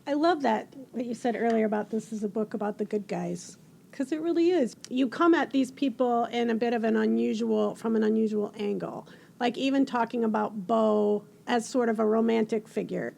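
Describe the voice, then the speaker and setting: A woman hosting an interview podcast, warmly egging her guest on with quick reactions. Her voice is fairly high, with a strong gravelly fry running through it. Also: slight background noise. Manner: warm, encouraging listener with quick reactions. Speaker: podcast host. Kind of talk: conversational interview.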